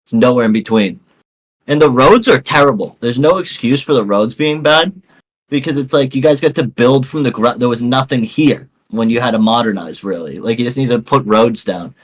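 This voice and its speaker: A man's voice: mid-range voice, moderate pace. A young man from New England, co-hosting a podcast in casual chat, rambling and swearing, with "dude" and "like" in most sentences. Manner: rambling, swears a lot, says "dude" and "like" often. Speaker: podcast co-host.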